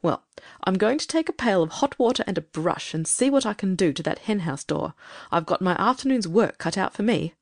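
A woman voicing a stern, irritable grown woman in an audiobook, speaking in a brisk, firm, scolding way. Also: mid-range voice, lively intonation, no room sound, studio quality. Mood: grudging. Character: stern, irritable grown woman who sets strict rules. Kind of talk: audiobook character reading.

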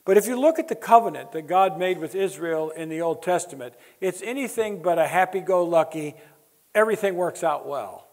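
A man's voice: sits high, expressive, moderate pace. A man preaching a sermon, emphatic and building his points through repetition, with wry asides to the audience. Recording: long hall reverb.

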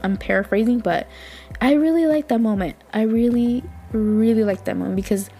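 A woman's voice: mid-range voice, a little mellow. A woman hosting a casual podcast, chatting and gushing, laughing often and saying "like" a lot. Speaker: podcast host. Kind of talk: casual recap chat.

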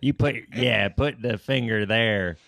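Dude doing a really low smooth bush voice, all fake-sultry, dry mic. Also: male voice, fairly bright tone, dry recording. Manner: slow, mock-sultry storytelling. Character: deep-voiced George H. W. Bush impression, mock-seductive. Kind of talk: improv comedy podcast.

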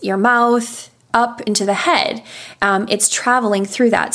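A young adult woman speaks as a voice coach in a podcast interview. Her delivery is patient and explanatory, and she takes her time to make each point clear. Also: mid-range voice. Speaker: voice coach and session singer. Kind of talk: instructional interview answers.

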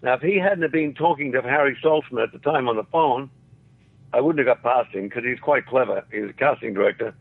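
His voice is mid-range, fairly quick, creaky and slightly rough: an older man from Australia, once an actor, now an interview guest. He spins rambling anecdotes with chuckles and acted-out quotes, all coming through a phone-like radio line.

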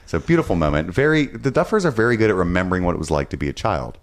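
A man co-hosting a podcast, recapping and musing in a relaxed, rambling way with casual swearing. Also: low-pitched, very fast, a little hiss or hum. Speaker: podcast co-host recapping episodes. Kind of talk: casual chat.

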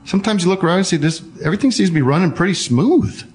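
A man hosting a call-in podcast, talking casually in halting stops and starts full of fillers and restarts. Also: sits high, expressive, darkish tone. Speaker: podcast host taking calls.

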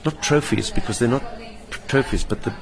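An older man with a South African accent talks a little fast in a creaky, medium-pitched voice while a crowd murmurs in the background. He's a stage performer giving an interview in a hotel lounge, telling his stories vividly and acting out others' voices.

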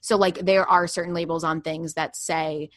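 A young woman with a New York accent, a radio host chatting as a podcast guest in an animated, agreeable way. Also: fairly low pitch, normal speed, no echo. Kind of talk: casual chat.

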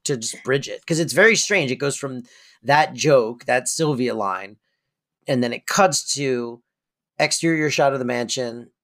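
A podcast co-host in casual chat about a TV episode, jokey and quick with playful asides. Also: mid-range voice, a bit bright.

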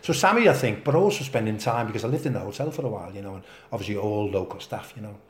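A man's voice: on the low side, racing. A man in his sixties from Denmark, speaking with a Danish accent tinged by Liverpool, telling football stories as an interview guest and acting out quotes. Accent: Danish with a Liverpool lilt. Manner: animated, acts out quotes. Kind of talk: anecdotal interview storytelling. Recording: roomy echo.

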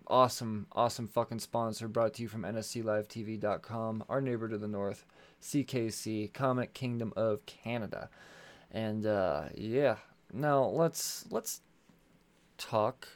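A man with a lowish, unhurried voice hosts a podcast and reads the sponsor ads by himself. He rambles loosely, swears, and stumbles over his phrasing.

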